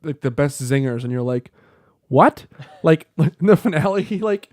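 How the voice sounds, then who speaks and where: Young male co-host, casual and profane, gets heated fast; slightly high voice, dead-dry close recording. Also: lively intonation, no echo. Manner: profane, worked-up rants that rise to shouting. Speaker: podcast co-host. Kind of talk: casual chat.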